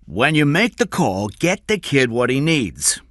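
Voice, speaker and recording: A man voices a bossy, sarcastic kidnapper, a hard-nosed gang leader with a commanding mood, pitching his mid-range voice above his natural one. He speaks a little slowly with big pitch swings and a fairly bright tone, recorded at studio quality with no room sound.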